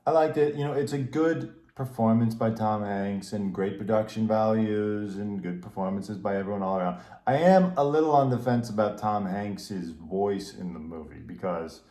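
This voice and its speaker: A man's voice: fairly low pitch, moderate pace, hardly any pauses, warm tone. A man co-hosting a casual film review podcast, talking in an opinionated, rambling and jokey way. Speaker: podcast co-host. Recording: roomy echo.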